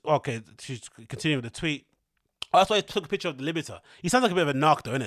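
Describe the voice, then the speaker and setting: Man, podcast host, slangy casual rambling, slightly high voice, dry close sound. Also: very animated, very fast, fairly bright tone, dry recording. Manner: slangy, chatty, laughs often.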